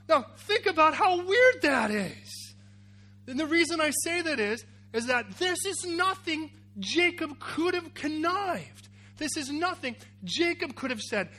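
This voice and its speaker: High bright-voiced pastor preaching, super animated, acts out the story with cries and shouts. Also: male voice, moderate pace. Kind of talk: sermon with acted-out scene.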